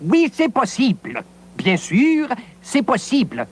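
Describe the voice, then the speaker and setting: A woman voicing a talking pineapple in an old children's TV French lesson, saying slow, simple phrases. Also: on the high side, huge pitch swings, darkish tone, breathy edge, exaggerated voice. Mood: playful.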